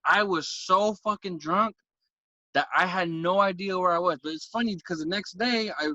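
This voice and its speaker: A man from San Francisco tells a story on a podcast, acting out his own lines with plenty of swearing. His voice is bright and sits a little high. The recording is dry but dull and lo-fi. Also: moderate pace, dry recording. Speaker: podcast guest. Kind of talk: casual storytelling.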